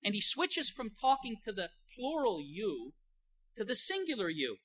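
Folksy bright-voiced older male preacher. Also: extremely high pitch, big pitch swings, normal speed, no room sound. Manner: conversational, folksy, with many restarts. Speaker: pastor. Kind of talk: sermon.

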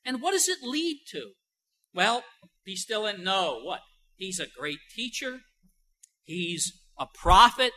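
Bright-voiced man preaching emphatically. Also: sits high, very animated, takes it slowly, low-quality recording. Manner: emphatic, rhetorical questions, frequent "you know" fillers; swings between soft and loud emphasis. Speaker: pastor. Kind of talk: sermon.

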